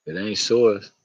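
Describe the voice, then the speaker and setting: A man's voice: lowish voice, a little mellow, breathy edge, no echo, lo-fi sound. A man talking to camera outdoors in a loose, rambling monologue, slangy and profane, often laughing. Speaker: vlogger.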